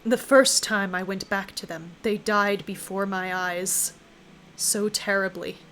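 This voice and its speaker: A woman voicing a shadowy, immortal, time-bending being in a visual novel, speaking in a low, hushed, solemn way. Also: steady tone, takes it slowly, slight background noise, poor audio. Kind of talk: visual novel line reading.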